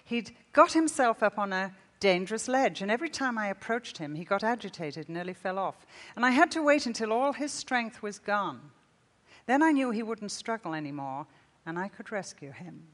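A woman preacher voicing a gentle male shepherd healer in her story, speaking slowly and softly. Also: medium pitch, animated, pitched above the performer's own voice, natural voice. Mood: tender. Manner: slow, soft and quiet. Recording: long reverb in a large hall.

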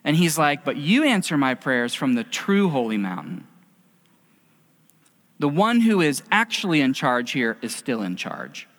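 Speaking a little slowly, the middle-aged pastor has a slightly high, somewhat bright voice with big pitch swings. He preaches in a chatty, narrative way, performing quotes, while a hall's long reverb lingers.

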